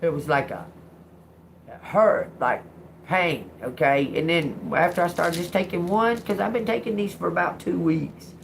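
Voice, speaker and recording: Brief: middle-aged woman hosting a livestream, low-pitched with a raspy edge, blunt, animated storyteller. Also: moderate pace, a little hiss or hum. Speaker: livestream host. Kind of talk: casual storytelling monologue.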